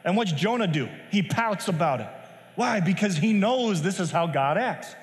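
A man's voice: high voice, lively intonation, moderate pace, long reverb tail. A man giving a casual, conversational sermon as pastor, wandering into asides and restarting his sentences. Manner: conversational, digressive, many restarts.

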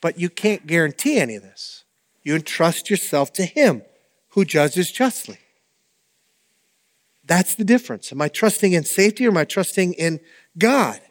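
Animated high-voiced man preaching. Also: normal speed, pauses often, long reverb tail. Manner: animated, conversational preaching with asides. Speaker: pastor. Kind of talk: sermon.

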